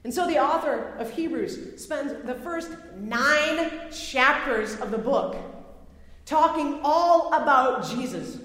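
A woman's voice: high-pitched, lively intonation, takes it slowly, fairly bright tone. A woman preaching a sermon, emphatic and repeating phrases for effect. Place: large worship hall. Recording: echoey hall with long reverb.

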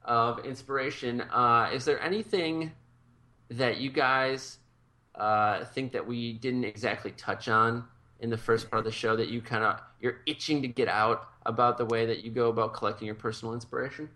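A man co-hosting a podcast in a loose, rambling conversation with guests on a video call. His voice is bright and a little sharp. He talks with easy enthusiasm, circling around his points before landing them. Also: medium pitch, steady tone, moderate pace. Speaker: podcast co-host. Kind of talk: casual chat.

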